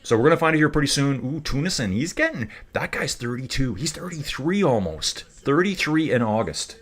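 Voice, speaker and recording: A man's voice: medium pitch, big pitch swings, brisk. Guy doing a chill cycling stream at his webcam, rambly and jokey, just chatting. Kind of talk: casual live-stream commentary.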